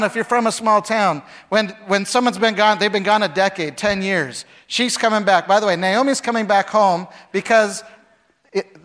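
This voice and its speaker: A man's voice: high voice, a bit bright. A middle-aged man preaching a casual sermon, reading scripture and adding humorous asides and rhetorical questions. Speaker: pastor.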